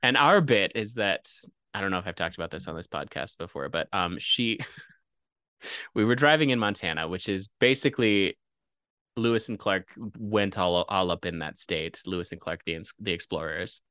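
A man chats casually as a podcast co-host, making puns and often laughing. His voice rises and falls with lively movement. The sound is close and dry. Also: deep voice, normal speed, clean tone, no echo. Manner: playful, punning, laughs often. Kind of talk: casual chat.

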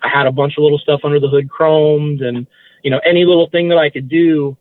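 Fairly high-pitched and steady in tone, this male guest speaks fairly quickly. He chats casually in an interview, rambling through memories and correcting himself, on tinny phone-like audio with no room sound.

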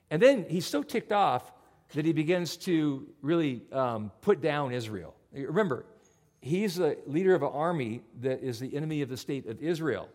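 A man preaching a sermon as pastor, in an animated, conversational storytelling way. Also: fairly high pitch, moderate pace.

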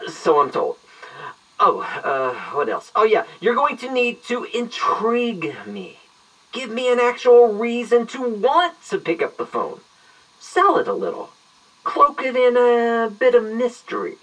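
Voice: mid-range voice, big pitch swings, a little slow, fairly bright tone, far from the mic, low-quality recording. An actor doing a pompous, long-winded retired detective. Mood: theatrical. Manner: long-winded, verbose and mock-grand. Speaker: detective on an answering machine greeting. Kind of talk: audio drama acting.

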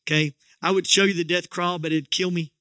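Bright-voiced folksy pastor, man. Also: high voice, fairly even intonation, fairly quick, no room sound, clean studio sound. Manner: folksy, joking storyteller with frequent restarts. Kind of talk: sermon.

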